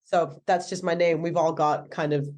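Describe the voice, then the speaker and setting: A woman's voice: sits low, fairly even intonation, normal speed, darkish tone. A woman in her thirties with an American accent, a stand-up comedian chatting casually in an interview, full of "like"s and self-corrections. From England. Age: 30s.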